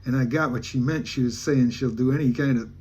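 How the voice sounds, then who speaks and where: A man's voice: mid-range voice, steady tone, brisk, a little mellow, husky. A man from Alaska, a travel vlogger, telling a rambling, folksy story in casual talk with many restarts.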